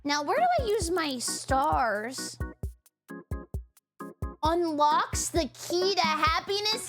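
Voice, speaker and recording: A woman streamer giving playful, excitable commentary while she plays a game, breaking into yelps and giggles. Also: very high-pitched, takes it slowly, pauses often, over music. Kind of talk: casual gameplay commentary.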